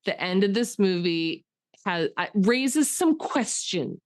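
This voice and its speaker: A woman's voice: mid-range voice, expressive, slow pace. A woman co-hosting a casual podcast chat, rambling with many fillers and getting emotional about what she discusses. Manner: chatty, rambling, lots of "like" fillers; gets emotional and enthusiastic. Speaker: podcast co-host.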